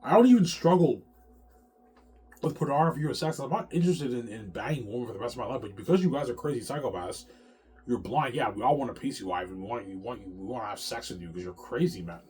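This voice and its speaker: A man's voice: medium pitch, expressive, quick pace, a little mellow, breathy edge. A man rambling in an agitated monologue to the camera, swearing often and repeating his words. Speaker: vlogger.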